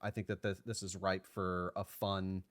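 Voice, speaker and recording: A young man with a low voice co-hosts a movie podcast, talking loosely and circling his point with fillers and restarts. He is close to the mic in a dry, deadened room. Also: little pitch movement, moderate pace, dry recording. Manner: rambling, hedging with fillers and restarts. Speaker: podcast co-host. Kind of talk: casual chat.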